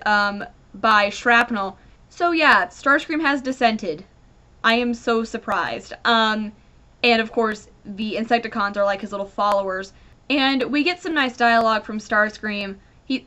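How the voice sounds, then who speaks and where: A woman giving a casual, rambling review of a comic, animated and full of fillers. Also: a little high.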